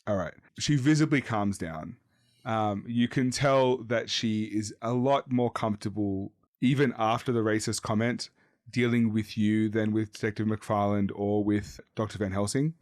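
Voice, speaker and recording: A man's voice: lowish voice, fairly even intonation, normal speed, a little mellow. A man running a tabletop horror game as game master, narrating casually with many fillers.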